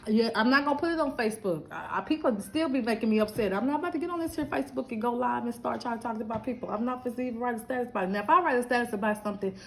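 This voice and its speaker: A woman's voice: a little high, very fast, vocal fry, hardly any pauses, a little hiss or hum, low-quality recording. A middle-aged woman from Lubbock, Texas, chatting and laughing with her viewers in a casual live stream. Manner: chatty, animated, laughing, talks straight to viewers.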